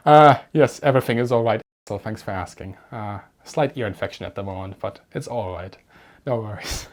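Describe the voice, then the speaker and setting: A man's voice: on the low side, moderate pace. Dry-humored man. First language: German. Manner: dry, wry and matter-of-fact, with quiet deadpan comebacks. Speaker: YouTube channel host. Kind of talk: reading and answering viewer comments.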